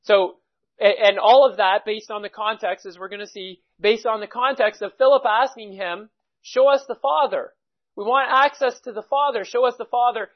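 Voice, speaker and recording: A man preaching a sermon, teaching at a measured pace and reading scripture passages aloud. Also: high voice, dull audio.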